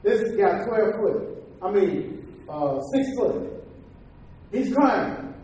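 A man's voice: high-pitched, expressive, very slow, warm tone. A man telling a story from his own life as a sermon testimony, emphatic and folksy, with preaching asides. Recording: very echoey hall, from far off, faint noise.

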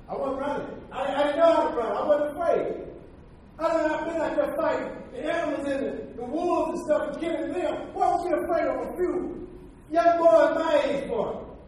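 A man's voice: very high-pitched, darkish tone. A man telling a story from his own life as a sermon testimony, emphatic and folksy, with preaching asides. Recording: very echoey hall, from far off, faint noise.

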